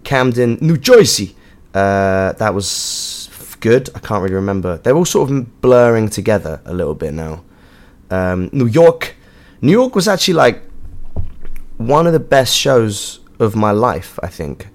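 A man's voice: lowish voice, big pitch swings, measured pace, darkish tone. An Englishman hosting his own show, talking casually in a rambling, jokey way with lots of swearing and fillers, from a hotel room. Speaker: podcast host and touring musician. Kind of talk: casual monologue.

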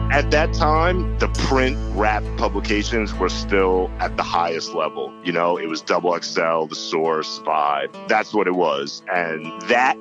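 Deep-voiced New guy in his 40s, relaxed interview storyteller, faint music bed. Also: highs cut off. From Yonkers, New York. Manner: loose, conversational, many fillers like "you know" and "like". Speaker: interview guest.

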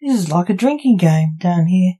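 A woman's voice: fairly low pitch, lively intonation, moderate pace, mellow, breathy edge, low-quality recording. Woman reading as a sarcastic young necromancer. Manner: sarcastic, jesting. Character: sarcastic young male necromancer, joking son.

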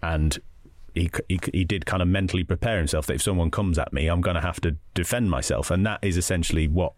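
Fast-talking low-voiced man in his thirties. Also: no echo, studio quality. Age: 30s. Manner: chatty, quick, self-interrupting. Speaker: football journalist. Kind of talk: casual podcast debate.

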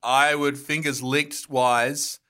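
A man's voice: mid-range voice, little pitch movement, slow pace, sharp tone, clean tone. A man co-hosting a casual podcast, joking and laughing often. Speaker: podcast co-host.

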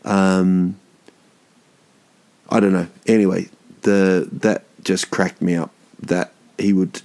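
A man's voice: sits low, flat delivery, slow, creaky, a little mellow. A man in his thirties hosting a podcast, rambling through a jokey, swearing monologue that drifts off topic. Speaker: podcast host.

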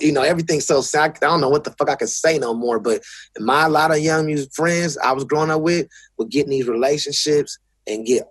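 Husky, profane Los man. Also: medium pitch, dry recording. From South Central Los Angeles. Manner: blunt, profane, restarts often. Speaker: guest. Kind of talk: casual interview talk.

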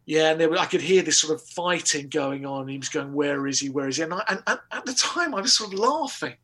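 A man telling a comic anecdote in a lively, casual way, with restarts and laughter. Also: on the high side, fast. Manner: animated storytelling with laughter and restarts. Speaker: guest comedian. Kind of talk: casual anecdote on a talk show.

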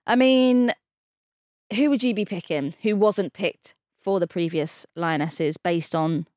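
A woman's voice: on the low side, takes it slowly, a little mellow, dry recording, clean studio sound. A woman co-hosting a casual football podcast, playful and jokey, sometimes tripping over her words. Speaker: podcast co-host.

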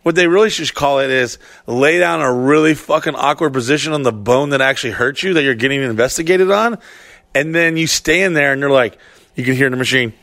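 A man co-hosting a podcast, telling stories in a casual, animated, heavily profane way and acting out what people said. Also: medium pitch, brisk, no echo. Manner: profane, animated storytelling with acted-out quotes. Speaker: podcast co-host. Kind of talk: casual storytelling chat.

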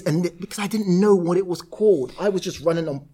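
Male guest, raised pitch, slightly husky, animated anecdotal delivery. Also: fast. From South-East London, England. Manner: animated, laughs through his anecdotes. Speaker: property entrepreneur guest. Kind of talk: casual storytelling interview.

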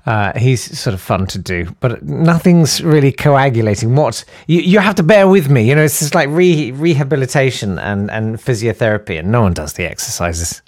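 A man's voice: medium pitch, brisk, hardly any pauses, dry recording, studio quality. A man hosting a comedy podcast, rambling and self-deprecating with many fillers. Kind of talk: casual comic monologue.

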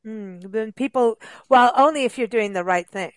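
A woman's voice: on the high side, moderate pace, no room sound. A woman hosting a radio talk show, chatting enthusiastically with her guests and exclaiming often. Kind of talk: casual chat.

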